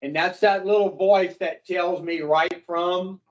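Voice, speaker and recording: A man, his voice fairly high for a man, speaks to a recovery class at an unhurried pace. He is blunt and profane and keeps firing questions at his listeners. The recording sounds dull and lo-fi. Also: steady tone. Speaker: addiction recovery counselor. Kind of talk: classroom talk to a recovery group.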